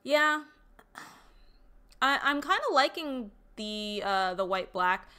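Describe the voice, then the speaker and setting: A woman's voice: on the high side, animated, slow, sharp tone, clear, resonant tone. A woman streamer chatting casually with viewers, thinking aloud and reading out chat between fillers. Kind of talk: casual live-stream chat while deckbuilding.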